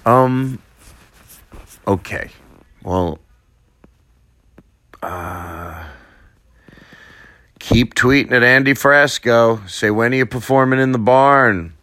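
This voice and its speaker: A man giving a relaxed, rambling sign-off as host of a show. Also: medium pitch, takes it slowly, long pauses, dry recording. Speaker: podcast host.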